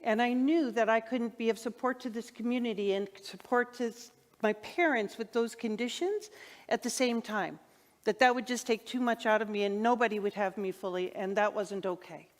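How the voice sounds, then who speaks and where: A woman's voice: fairly high pitch, moderate pace. Middle-aged woman minister preaching in a reverberant sanctuary. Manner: conversational, heartfelt, asks the congregation questions. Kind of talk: sermon. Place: church sanctuary. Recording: long hall reverb in a sanctuary.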